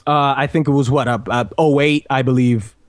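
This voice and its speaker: A man's voice: mid-range voice, fairly even intonation, a little fast, dry recording, clean studio sound. A young man hosting a casual podcast chat, rambling and swearing, restarting his phrases. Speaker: podcast host.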